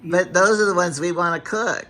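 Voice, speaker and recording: A woman's voice: fairly low pitch, normal speed, pushed and bright. An older woman chatting casually in a home kitchen, chiming in and adding her own stories while a man works. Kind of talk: casual chat.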